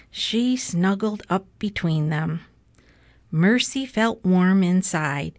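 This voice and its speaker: A woman reading a children's book aloud with slow, gentle, clear storytelling. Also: fairly low pitch, no room sound. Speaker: storybook reader.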